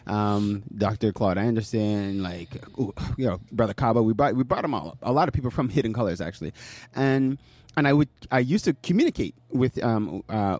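A man's voice: medium pitch, darkish tone, dry recording. A man co-hosting a casual chat, talking in a rambling way with many fillers and restarts. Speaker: podcast co-host.

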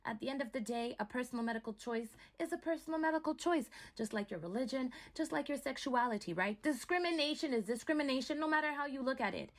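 High-pitched woman from montreal ranting on her vlog, emphatic, keeps going "right?". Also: expressive, fast talker, few pauses. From Montreal, Canada. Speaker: vlogger. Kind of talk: opinion commentary to camera.

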